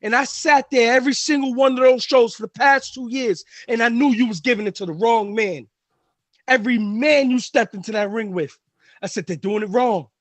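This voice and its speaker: A man's voice: very high voice, moderate pace, no echo. A man who is a pro wrestler cutting a heated, trash-talking promo on a live stream. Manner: intense, trash-talking, builds to shouting.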